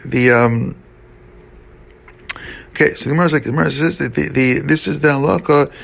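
Guy teaching talmud, husky gravelly voice, keeps stumbling and restarting, hebrew terms all through. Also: a little high, fairly bright tone, poor audio. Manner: halting, with many restarts and fillers; mixes English with Hebrew and Aramaic terms. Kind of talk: Talmud study lecture.

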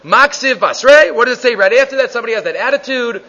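A man with a very high-pitched, expressive voice leads a Gemara shiur, speaking quickly in a bright, forceful tone. As the Talmud teacher, he chants the Hebrew and Aramaic text in a sing-song way, then translates and explains it in English, restarting often. The recording is dull and lo-fi.

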